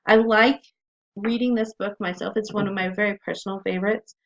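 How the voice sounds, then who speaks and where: A woman's voice: mid-range voice, fairly even intonation, brisk, a bit bright. A woman teaching a recorded writing class, explaining in a friendly way with frequent ums, on a dull lo-fi recording.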